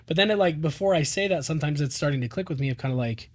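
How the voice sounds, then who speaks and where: A man's voice: fairly high pitch, rapid-fire. A man in his thirties, a podcast co-host, talking casually in a rambling way with lots of fillers. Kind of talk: casual chat.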